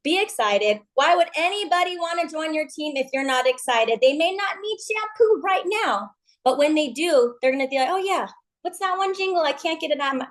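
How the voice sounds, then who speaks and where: A woman leading a team call, giving an upbeat motivational pep talk with folksy slang. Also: high-pitched. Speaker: MLM team leader on a call.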